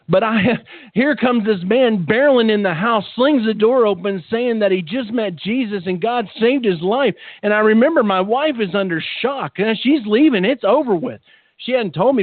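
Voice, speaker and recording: A man telling his conversion story as a testimony, fervent and halting, often repeating words. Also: high voice, dry recording. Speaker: testimony speaker. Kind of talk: emotional personal testimony. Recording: tinny phone-like line, dry.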